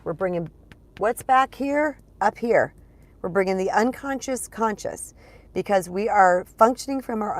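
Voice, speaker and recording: A woman's voice: on the low side, darkish tone, no echo. A middle-aged woman, a spiritual empowerment coach, teaching chattily on a live stream while congested. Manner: chatty, addresses viewers as "you guys".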